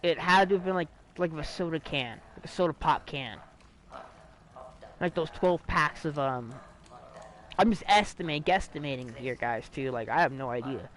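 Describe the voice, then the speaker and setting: A man's voice: on the high side, moderate pace, a bit bright, poor audio. A young man streaming, telling a ghost story to his chat in a rambling, profane way, full of restarts and fillers. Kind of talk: casual livestream storytelling.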